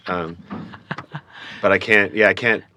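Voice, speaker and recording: A man's voice: low voice, steady tone, measured pace, background noise. A man from Canada, a stand-up comedian, chatting as a guest in an interview, often restarting his sentences with a self-deprecating tone. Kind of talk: casual interview chat.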